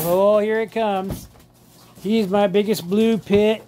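A man's voice: high-pitched, fairly even intonation, normal speed, dark tone. A man filming his dogs at home, talking to them in a doting, drawling way and laughing often. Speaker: vlogger showing his dogs. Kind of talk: casual home vlog, talking to pets. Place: home living room.

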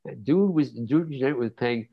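A man in his nineties, a guest cartoonist, telling stories in a relaxed interview, rambling with many fillers and restarts. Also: medium pitch, normal speed, creaky, breathy edge. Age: 90s. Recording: dull lo-fi sound.

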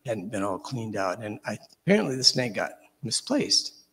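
A man preacher telling a children's story during a church service, animated and dropping to hushed suspense. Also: fairly low pitch, moderate pace. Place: church sanctuary. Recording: reverberant church hall.

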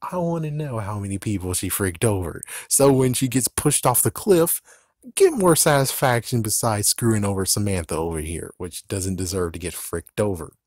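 Low-voiced excitable young man ranting. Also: moderate pace, no room sound, studio quality. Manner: excitable, swearing, rambling with frustrated outbursts. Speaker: fan channel host. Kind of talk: casual ranting vlog.

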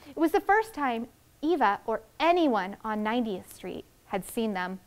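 A woman teacher reading a story aloud to second graders and explaining its writing in an expressive, friendly way. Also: on the high side, normal speed. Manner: expressive, explaining to young children.

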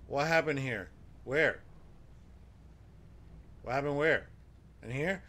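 Excitable man streaming a horror game. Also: mid-range voice, takes it slowly, long pauses. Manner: excitable, exclaims and swears at scares. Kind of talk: live gameplay commentary.

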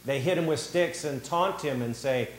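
A man preaching a sermon in a church, animated and theatrical, acting out the voices of the people he talks about. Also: mid-range voice, moderate pace, echoey room, rough recording. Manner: animated, acts out quoted voices. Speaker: pastor. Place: church sanctuary.

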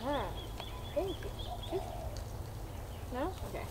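A woman's voice: high voice, lively intonation, slow pace, background noise. A woman vlogging outdoors with her horse, talking to it playfully and giggling between lines, picked up by a camera mic a few steps away. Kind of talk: casual vlog talk to her horse and viewers.

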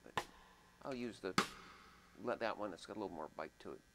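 A man's voice: low-pitched, a little fast, background noise. A man teaching music production in a casual, thinking-aloud way, humming out drum rhythms as he goes. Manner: thinks aloud, chatty, vocalizes drum patterns.

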